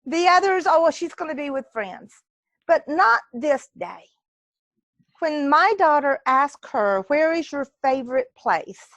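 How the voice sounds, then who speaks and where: Slow-talking woman w/ a high voice, earnest, on a video call from home, dry sound. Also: lively intonation, fairly bright tone, dry recording. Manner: slow, earnest, faith-minded. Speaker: club speaker. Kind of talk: inspirational speech on a video call.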